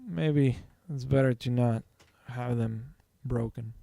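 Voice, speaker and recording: A man's voice: medium pitch, steady tone, takes it slowly, vocal fry, warm tone, no room sound. A man streaming his drawing, talking casually to himself and his viewers in a rambling, self-correcting way. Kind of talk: casual thinking-aloud while drawing.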